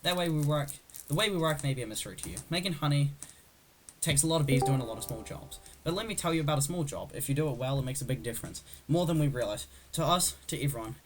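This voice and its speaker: A man reading the lines of an eager, confident young male bee in his own voice, rushed and nearly unvoiced. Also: on the high side, lively intonation, slight background noise, lightly acted.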